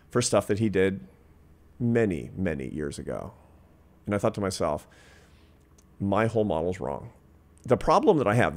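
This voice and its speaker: A man in his fifties, a social scientist and interview guest, earnestly telling a personal anecdote in conversation. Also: deep voice. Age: 50s. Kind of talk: reflective storytelling in conversation.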